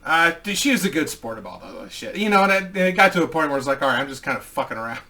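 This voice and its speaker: A man's voice: fairly high pitch, expressive, very fast, sharp tone, far from the mic. A man telling crude, boisterous stories in a casual way and laughing at his own jokes. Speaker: host. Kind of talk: casual storytelling.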